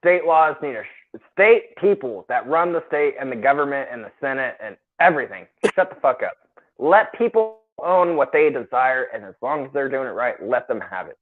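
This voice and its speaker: A man's voice: mid-range voice, expressive, moderate pace. A blunt, profane man joins a casual livestream chat and speaks his mind. His voice sits in a middle range. It comes through narrow and tinny, like a phone line. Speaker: co-host guest. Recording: tinny phone-like call audio.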